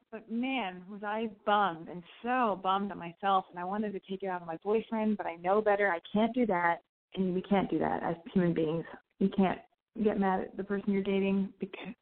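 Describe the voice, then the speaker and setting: Rambling woman radio host, phone-line sound. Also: mid-range voice. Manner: rambling, self-analytical, restarts and fillers. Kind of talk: candid monologue with swearing.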